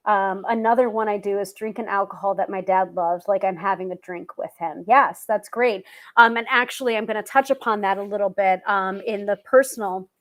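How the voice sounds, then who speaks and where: A woman's voice: medium pitch, brisk. A woman hosting a live tarot stream, talking casually with many fillers and restarts.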